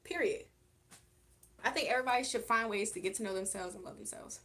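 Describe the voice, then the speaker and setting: A woman's voice: medium pitch, fast talker, fairly bright tone, a little hiss or hum. Blunt, outspoken woman streamer. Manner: blunt and outspoken, laughs often. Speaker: livestream host reading chat. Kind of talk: casual live chat.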